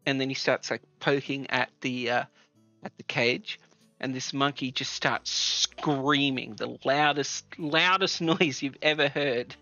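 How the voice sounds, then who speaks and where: A man running a tabletop game as game master, telling the scene in a relaxed way with many fillers. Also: medium pitch, a little slow, no room sound, lo-fi sound, faint music behind.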